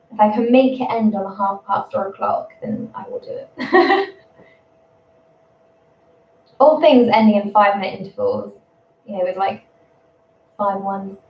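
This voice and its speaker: A young English woman in her twenties, a primary school teacher chatting casually on a livestream, rambling and quick to laugh. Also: mid-range voice. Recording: roomy, distant, dull sound.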